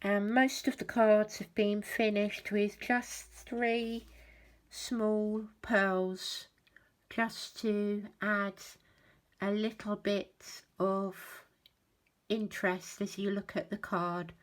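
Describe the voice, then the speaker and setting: A woman narrates a papercraft walkthrough at a slow, easy pace, pointing out each card and tag as she goes. Her voice sits in a middle register, and she keeps a friendly show-and-tell manner. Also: mid-range voice, flat delivery. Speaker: craft channel host.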